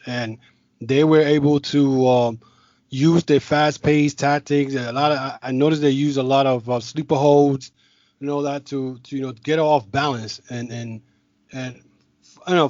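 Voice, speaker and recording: A man hosts a podcast in loose, casual chat, rambling and circling back on himself as he talks. His voice is mid-pitched. The sound is dull and lo-fi, with a dry, close mic. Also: dry recording. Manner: rambling, with many restarts and filler. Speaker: podcast host.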